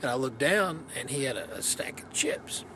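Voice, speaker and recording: A man's voice: medium pitch, very animated, normal speed. A man vlogging outdoors in the cold wind, casually telling a story in a rambling, laid-back way with many fillers.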